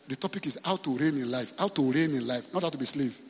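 A man's voice: mid-range voice, fast, breathy edge, in a large hall. A man with a Nigerian accent preaching a sermon as pastor, often asking the congregation questions and repeating himself.

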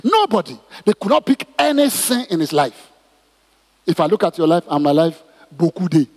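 Male pastor, middle-aged, high husky voice, emphatic sermon, long hall reverb. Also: moderate pace. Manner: emphatic, repetitive, animated preaching with stammered restarts.

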